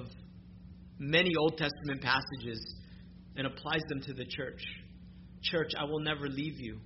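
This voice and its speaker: A man preaching a sermon as a pastor, emphatic and rising on key phrases. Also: on the high side. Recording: muffled recording with clear background noise.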